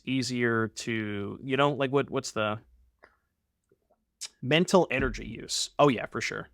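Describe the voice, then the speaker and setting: A man's voice: mid-range voice, a bit bright, no room sound, studio quality. A young man streaming a card game, chatting casually and rambling to his viewers with the odd swear.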